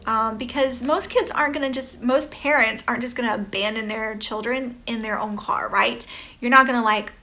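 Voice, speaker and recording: Chatty higher-voiced woman vlogger. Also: steady tone, moderate pace, bright, forceful tone. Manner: chatty and rambling, many "you know" fillers. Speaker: vlogger reacting to an article. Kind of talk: casual reaction commentary. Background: background music.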